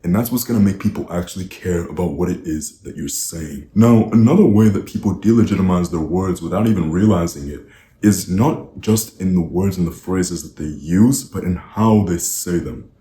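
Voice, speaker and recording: A man's voice: low voice, moderate pace, mellow. A man speaking as a coach, giving earnest, direct advice and putting rhetorical questions to the listener. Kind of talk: instructional advice talk. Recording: roomy echo, faint background noise.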